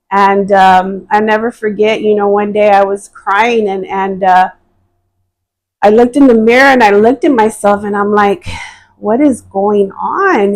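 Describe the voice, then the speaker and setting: Woman telling her testimony on a podcast, lots of um and you know, earnest, kinda halting. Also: mid-range voice, rough recording. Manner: hesitant, many fillers and restarts, earnest. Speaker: podcast guest. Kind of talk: personal testimony in conversation.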